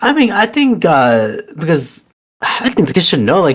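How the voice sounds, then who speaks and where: A man's voice: on the high side, big pitch swings, normal speed. A man co-hosting a podcast, casually chatting about a film and mostly agreeing with the other host. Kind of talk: casual movie review chat.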